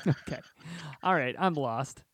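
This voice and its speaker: A man's voice: mid-range voice, expressive, slow pace, a bit bright, dry recording, studio quality. A man hosting a casual podcast game among friends, laughing often as he sets up the rounds. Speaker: podcast host running a movie game.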